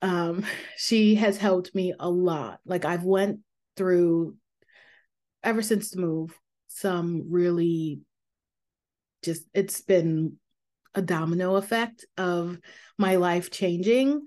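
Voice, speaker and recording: A woman hosting her own podcast, talking candidly and reflectively in a casual way, with fillers and soft laughs. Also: lowish voice, slow, pauses often. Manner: calming voice for guided meditations. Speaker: podcast host. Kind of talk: casual personal podcast talk.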